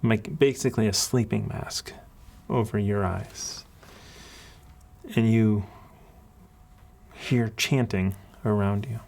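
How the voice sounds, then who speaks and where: A man narrating a tabletop game as game master, telling the scene in a deliberate storytelling way. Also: fairly low pitch, fairly even intonation, gravelly, a little mellow.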